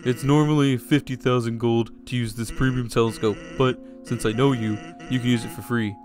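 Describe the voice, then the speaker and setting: A man voicing a lazy, joking male skeleton shopkeeper in deadpan salesman patter while reading game dialogue aloud. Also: mid-range voice, moderate pace, lightly acted. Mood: deadpan pitch. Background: game music.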